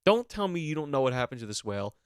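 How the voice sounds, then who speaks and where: A man hosting a podcast, going on an animated, mock-outraged comedic rant with plenty of swearing. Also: medium pitch, fast, clean tone, no echo, studio quality. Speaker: podcast host.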